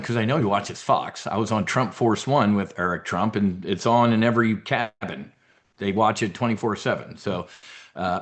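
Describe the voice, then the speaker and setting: A man's voice: on the low side, a little fast. A man from New Jersey and South Philadelphia hosting a trading members brief, giving blunt, profane, heated off-the-cuff commentary. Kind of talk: casual unscripted commentary.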